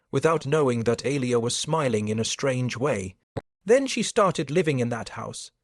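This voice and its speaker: A man narrating a scripted supernatural story in a steady, even manner. His voice sits at a middle pitch. The recording is dry and close with no room sound. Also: dry recording.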